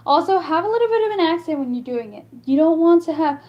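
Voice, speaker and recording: A woman teaching singing improvisation in a casual live stream, halting and full of fillers as she explains. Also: high voice, a little mellow, dull audio. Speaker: singer teaching vocal improvisation.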